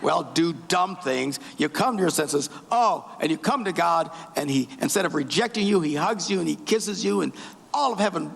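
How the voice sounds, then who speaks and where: Animated, gravelly-voiced preacher. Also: male voice, a little high. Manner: animated storytelling, acts out voices. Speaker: pastor. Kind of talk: sermon. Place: church. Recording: reverberant church hall.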